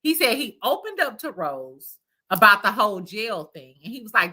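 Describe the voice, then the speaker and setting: A woman's voice: mid-range voice, big pitch swings, moderate pace, bright, forceful tone, breathy edge. A woman hosting a casual reality TV recap, with profane, laughing gossip. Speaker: host. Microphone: streaming mic.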